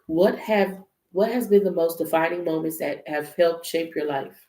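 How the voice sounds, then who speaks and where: In an echoey room with a bit of faint noise, a woman chats loosely with her viewers during a casual tarot live stream, swearing freely. She speaks at a normal speed in a lowish, dark-toned voice.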